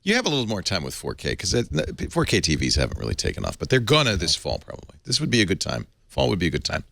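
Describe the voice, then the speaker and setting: A man's voice: quick pace, gravelly, no echo. A man hosting a podcast, steering a casual tech panel chat in a playful way. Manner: playful, animated, jumps between pitches for jokes. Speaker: podcast host.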